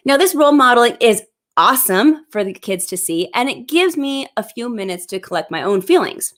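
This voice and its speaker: A woman in her thirties hosting a live parenting advice show, explaining tips in a clear, upbeat way into a plug-in microphone. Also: on the high side, animated, normal speed, fairly bright tone.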